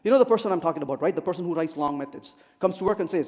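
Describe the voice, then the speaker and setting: At a conference, a speaker with a fairly high pitch talks very fast, delivering a funny technical presentation. He is an animated storyteller who performs the dialogue, and the hall echoes.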